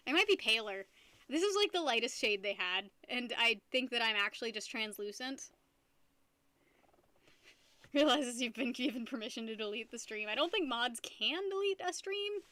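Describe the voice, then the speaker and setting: Bright, giggly young woman streamer. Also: fairly high pitch, dry recording. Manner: playful, giggly, self-mocking. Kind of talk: casual live-stream chat.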